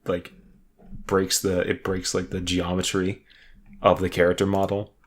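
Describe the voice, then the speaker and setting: Deep-voiced man rambling about games. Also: monotone, unhurried. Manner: rambling, laughs often, swears casually. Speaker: podcast co-host. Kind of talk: casual gaming chat.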